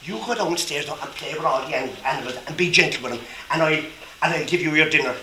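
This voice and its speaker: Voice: medium pitch, quick pace, sharp tone, slight background noise, voice pushed down, natural voice. A storyteller voicing a kindly but no-nonsense woman who minds lost animals, speaking firmly in a roomy echo. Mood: firm, motherly.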